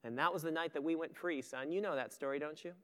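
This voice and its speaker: A man preaching acts out a solemn father who speaks gently and earnestly to his son. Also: a little high, quick pace, natural voice. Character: solemn, tender father telling his son their story.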